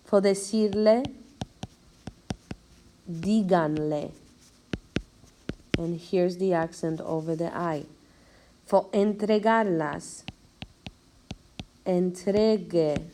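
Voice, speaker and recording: A woman teaching in a recorded video lecture, speaking slowly and deliberately as she counts out syllables one by one. Her voice is low and mellow, with a faint hiss of noise behind it. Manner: slow, careful explanation, spelling out syllables. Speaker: language teacher.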